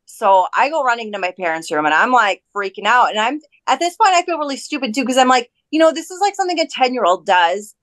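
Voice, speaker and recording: A woman in her thirties from North Dakota, a podcast guest telling a personal story in a chatty, animated way, full of "like" and quoted voices. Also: fairly high pitch, quick pace, hardly any pauses, no room sound. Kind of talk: casual storytelling.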